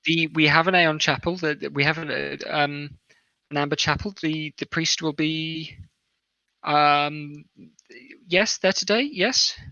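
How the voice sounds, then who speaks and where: Male GM voicing a young female innkeeper: high, bright, deferential, tripping over her words; dull lo-fi sound. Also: steady tone, measured pace, dry recording. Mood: flustered. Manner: hesitant, stammering, deferential. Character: young woman baker at an inn, polite, flustered.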